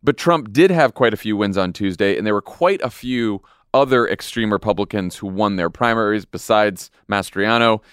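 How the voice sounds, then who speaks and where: A man hosting a political podcast, with a very low, deep voice. He is recorded dry and close, and he talks in a wry, conversational tone. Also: moderate pace, few pauses, smooth, dry recording. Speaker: podcast host. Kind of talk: casual political chat.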